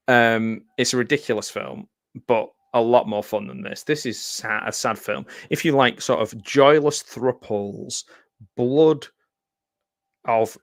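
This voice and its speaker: A man's voice: fairly low pitch, fairly bright tone, no room sound, clean studio sound. A man giving casual, sardonic live commentary over a movie, with lots of filler ums and wry asides. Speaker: film commentary host. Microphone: close mic in front of a green screen.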